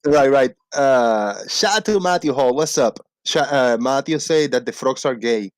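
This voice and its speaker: A man hosting a casual livestream, rambling playfully and reading out shout-outs to viewers. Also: medium pitch, expressive, unhurried, no room sound, studio quality. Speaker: livestream host. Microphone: desk microphone.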